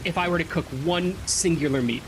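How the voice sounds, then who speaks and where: A man's voice: fairly high pitch, fairly quick, background noise. A man casually commenting on his playthrough of a game, chatty and joking. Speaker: let's play gamer.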